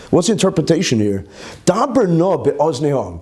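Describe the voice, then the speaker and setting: Rabbi at the lectern for a live Torah class: a man with a high, very expressive voice who keeps asking the room questions. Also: moderate pace. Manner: animated, peppers talk with rhetorical questions and Hebrew terms. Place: live class with an audience present.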